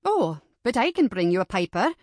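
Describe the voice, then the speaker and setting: Brief: woman reads chatty period lady, lively and eager. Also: medium pitch, moderate pace, no room sound, studio quality.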